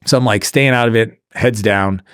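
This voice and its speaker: A man's voice: on the low side, moderate pace, fairly bright tone, clean tone, no room sound, studio quality. A man from Canada telling a personal story as a podcast guest, conversational and full of filler "like"s. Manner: conversational, many filler "like"s, trails off and restarts. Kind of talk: storytelling in a casual interview.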